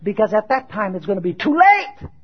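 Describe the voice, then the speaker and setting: A man with a high, husky voice preaches a fervent sermon. He swings widely in pitch, asks rhetorical questions and builds to emphatic, shouted peaks. The sound is dull and lo-fi. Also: sing-song, brisk.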